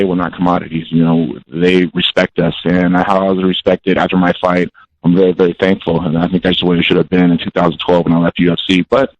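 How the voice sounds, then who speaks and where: Low-voiced man on a dull phone line. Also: a little mellow. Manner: blunt, intense, repeats himself. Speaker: guest fighter calling in. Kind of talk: phone-in interview. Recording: dull lo-fi call-in audio.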